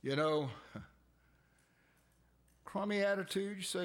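A man preaching a sermon, fervent and emphatic, who swings from high pleading cries to low earnest asides. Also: slow pace, vocal fry, fairly bright tone.

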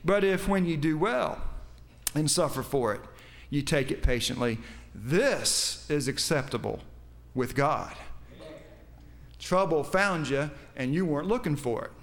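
A man's voice: fairly high pitch, animated, a little slow. A man preaching a sermon, quoting scripture with emphasis and putting questions to his congregation. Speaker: pastor.

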